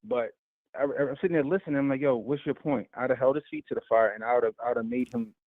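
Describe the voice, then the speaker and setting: Over a tinny phone line, a man calls in to a talk show and rants heatedly about a debate, talking fast, animated and profane. His voice is medium-pitched with no echo.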